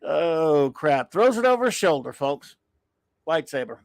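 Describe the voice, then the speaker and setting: A man's voice: a little high, very animated, unhurried, gravelly, dry recording. A middle-aged man hosting a casual live-stream show, ranting with exasperated sighs, rambling restarts and trailing remarks. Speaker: show host.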